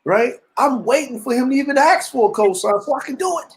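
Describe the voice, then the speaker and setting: A middle-aged man co-hosting a casual chat show, telling stories in an animated, teasing way. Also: very high voice, brisk, rough recording. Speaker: podcast co-host.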